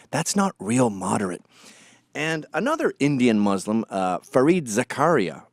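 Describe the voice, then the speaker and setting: A man delivers a combative, sarcastic monologue, and his voice swings widely up and down in pitch. The recording is dry and close, with no room sound at all. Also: no room sound. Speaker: political commentator. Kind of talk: opinionated monologue.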